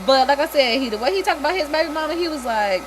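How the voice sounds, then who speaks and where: A woman's voice: sits high, fast, background noise. A woman, chatting casually and animatedly on a livestream. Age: 30s. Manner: animated, swearing, laughing between stories. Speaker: livestream host. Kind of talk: casual gossip chat.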